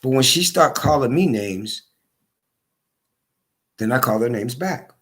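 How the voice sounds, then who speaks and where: A hoarse man telling his story in a casual monologue, repeating his points for emphasis. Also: medium pitch, lively intonation, a little slow, fairly bright tone. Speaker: vlogger.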